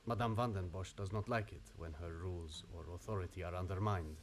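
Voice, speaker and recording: A man's voice: low voice, fairly quick, natural voice. An actor playing an earnest, formal young man who is engaged to be married, in game audio with music behind.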